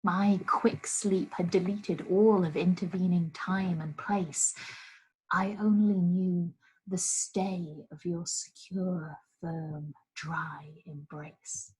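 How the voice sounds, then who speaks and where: Slow, breathy woman reading poetry. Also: lowish voice, fairly even intonation, rough recording. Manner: slow, soft, drops to a breathy hush at line ends. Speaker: host of a live storytime call. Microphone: video call.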